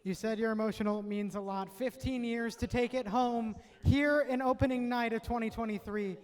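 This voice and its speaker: A man's voice: very high-pitched, fairly even intonation, normal speed. A man interviewing race winners trackside with an enthusiastic announcer manner.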